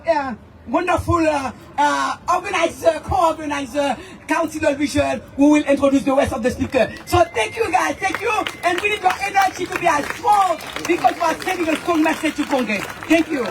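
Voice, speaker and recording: A woman's voice: high-pitched, brisk. A woman giving an impassioned protest speech, leading chants with her voice breaking. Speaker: rally speaker for immigrant coalition. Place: outdoor rally. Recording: distant mic with crowd noise.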